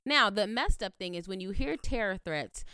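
A young adult woman co-hosting a podcast, talking in blunt, profane, animated casual chat. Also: medium pitch, moderate pace, clean tone, no room sound, clean studio sound. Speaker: podcast co-host.

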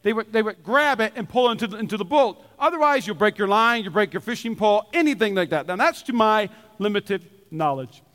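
High-voiced man preaching in a reverberant hall. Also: lively intonation, fairly quick, hardly any pauses, fairly bright tone. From Minnesota. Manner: humorous storytelling, repeats key lines for emphasis. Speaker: pastor. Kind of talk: sermon. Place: church.

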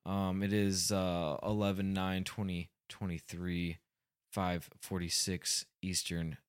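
A man's voice: deep voice, little pitch movement, slow pace, clean tone. A man hosting a casual video game podcast, talking in a loose, joking way with lots of filler words. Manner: rambling and jokey, with filler words. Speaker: podcast host.

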